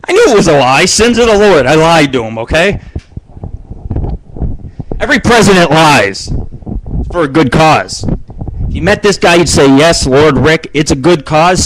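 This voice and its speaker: A man hosts his own live internet radio show from home, his voice sitting a bit higher than most men's. He rambles through crude stories and swears freely. A faint hiss runs under the recording. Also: lively intonation, normal speed, pauses often, poor audio. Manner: crude, rambling storytelling with frequent swearing and laughs. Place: home studio broadcasting on live video.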